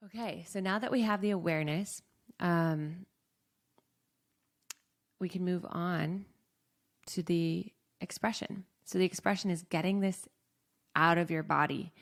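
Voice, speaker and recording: A young adult woman, a life coach, calmly guiding listeners through a self-help exercise, often saying "like.". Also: lowish voice, creaky. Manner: calm, slow guiding with frequent "like".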